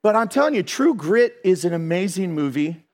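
A man preaching a sermon, telling funny stories in an animated way and laughing along with his congregation. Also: high voice, moderate pace. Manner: animated, humorous, laughs between lines. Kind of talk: sermon with storytelling.

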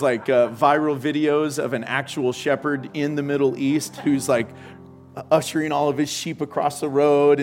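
A man preaching a sermon as pastor, joking and telling stories with sudden loud outbursts. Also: fairly high pitch.

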